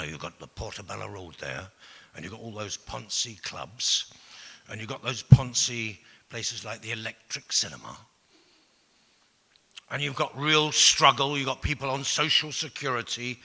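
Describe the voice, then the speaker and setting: An older man is speaking to a crowd, blunt and profane, lurching from loud bursts to near-whispered asides. His voice is bright and cutting, and his pitch rises and falls with lively swings. The sound carries the long reverb of a large hall. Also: a little slow, husky. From England. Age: 60s. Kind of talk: storytelling talk to an audience.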